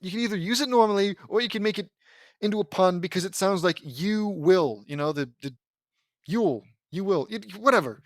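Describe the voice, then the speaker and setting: A man's voice: high voice, moderate pace, long pauses, no echo, studio quality. A man reading a fan story aloud and breaking off into rambling, sarcastic commentary. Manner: sarcastic, rambling, increasingly exasperated. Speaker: fan fiction reader and critic. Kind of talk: mocking read-aloud with commentary.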